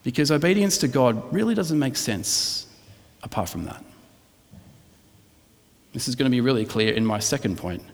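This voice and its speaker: A man's voice: medium pitch, lively intonation, normal speed, long pauses, in a large hall. A man preaching a conversational sermon, often checking in with his listeners. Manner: conversational, asks the congregation "right?" often. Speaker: pastor.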